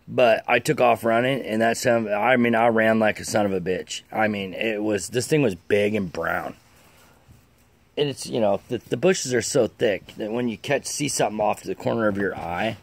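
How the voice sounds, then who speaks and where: Gravelly low-voiced man swearing through a story. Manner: rambling, swears a lot, many fillers. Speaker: storyteller vlogger. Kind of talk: casual profane storytelling.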